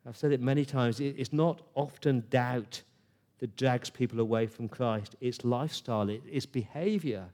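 Man, preacher, earnest conversational sermon, mellow dark tone. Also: mid-range voice, moderate pace.

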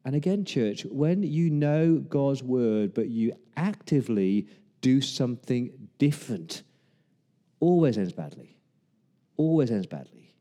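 In a mellow, warm, mid-range voice, a male pastor delivers his sermon with a sing-song lilt and a slightly slow pace. He humorously retells Bible stories and acts out the people in them, his words echoing with the long reverb of a church hall.

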